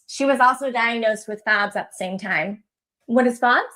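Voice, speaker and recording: A woman's voice: fairly high pitch, normal speed, bright, forceful tone. A woman acting as a self-pitying mother in a comedy parody, mock-sobbing and sarcastic. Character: self-pitying mother of a young woman, fake-tearful and mocking. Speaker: actor in a parody sketch.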